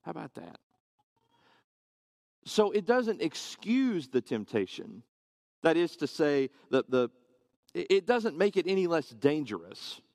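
A man's voice: a little high, sing-song, unhurried, a little mellow, no room sound. Earnest male preacher, dry close sound. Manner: earnest, conversational with rhetorical questions. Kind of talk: sermon.

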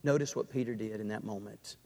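A man preaching a sermon in a large church, dramatic and full of rhetorical questions, dropping to a hush and then rising loud. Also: fairly low pitch, brisk, vocal fry. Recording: reverberant church hall.

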